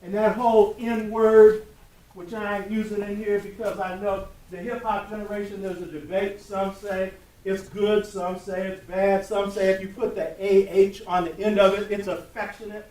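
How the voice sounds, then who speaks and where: A man's voice: high voice, little pitch movement, normal speed, hardly any pauses, darkish tone. An older man giving a lecture to college students, preacherly, often asking the room whether they understand. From United States. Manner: preacherly, asks the room for affirmation. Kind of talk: classroom lecture with call and response. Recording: echoey room heard from a distance.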